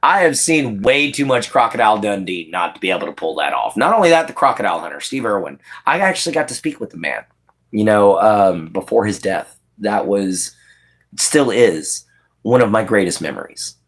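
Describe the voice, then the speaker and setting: Male streamer, casual chat with viewers, animated pitch, easy laughter. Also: normal speed, breathy edge. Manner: chatty, answers chat by name, laughs often. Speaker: livestream host.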